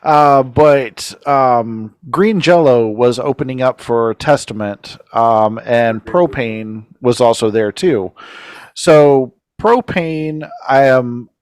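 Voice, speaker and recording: Chatty middle-aged radio host, dry sound. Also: male voice, mid-range voice, slow, smooth, no echo. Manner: rambling storyteller, laughs often, swears freely. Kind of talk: casual interview chat. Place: studio.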